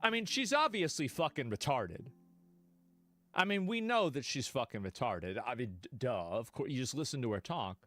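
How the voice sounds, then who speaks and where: A man streaming live, reacting bluntly to clips with profanity and sudden loud outbursts. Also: medium pitch, big pitch swings, moderate pace, no echo, faint music behind.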